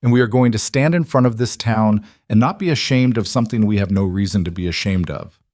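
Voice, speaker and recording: A man voicing a steady, blunt cowboy rancher in a storybook reading, speaking in a measured, firm, plain-spoken way. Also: fairly low pitch, no echo, studio quality, close to an everyday voice.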